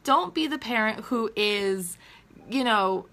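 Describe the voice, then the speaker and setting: A woman's voice: a little high, expressive, slow, a bit bright. A woman in her thirties talking earnestly to viewers on a phone live stream, laughing and fighting back tears. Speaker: teacher and mom livestreaming. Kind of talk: emotional live video chat.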